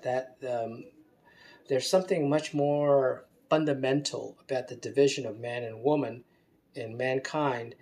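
A man giving an unscripted talk, halting often with fillers and restarts. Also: mid-range voice. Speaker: speaker giving a talk on gender. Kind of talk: unscripted lecture.

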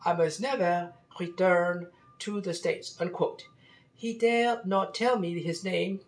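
A man reading out an old French statesman's account in a put-on French accent, measured and dignified. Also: sits high, fairly even intonation, voice pushed up. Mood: reflective. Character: 18th-century French statesman, older man, reflective and dignified.

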